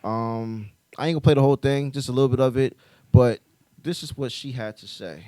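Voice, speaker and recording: Chill podcast host guy, smooth voice, dry room. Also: medium pitch, brisk, mellow, dry recording. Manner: laid-back, hesitant with ums. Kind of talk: casual podcast chat.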